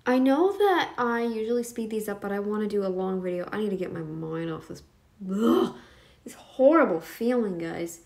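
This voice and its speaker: A woman's voice: mid-range voice, expressive, moderate pace, creaky, a little mellow. A woman hosting a reaction video, rambling and laughing often, feeling mentally off. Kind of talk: casual commentary.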